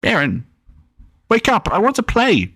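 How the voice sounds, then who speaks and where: A squeaky, whiny little boy. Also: wildly swooping pitch, a little slow, a bit bright, slightly rough, no echo, clean studio sound, full character voice. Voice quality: squeaky, whining. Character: small boy, whiny, clingy, dramatic.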